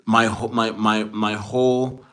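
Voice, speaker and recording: A man's voice: on the low side, little pitch movement, unhurried, a bit bright. A man in his forties hosting a livestream, chatting boastfully with viewers in a rambling way full of restarts. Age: 40s.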